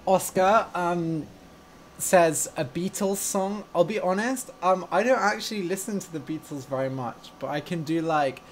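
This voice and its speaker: A man's voice: high voice, moderate pace, slight background noise. A young man who teaches English and hosts a podcast. He chats casually with learners on a live stream, gushing and playful, and laughs easily.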